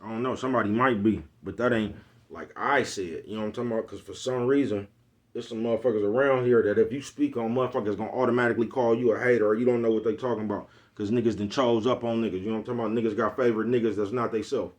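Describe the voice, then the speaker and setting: A man's voice: on the low side, steady tone, racing. Blunt profane man with an Oakland accent. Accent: Bay Area Black American English. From East Oakland, California. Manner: blunt, profane street talk, repeats "you know what I'm talking about". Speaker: vlogger. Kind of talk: casual monologue.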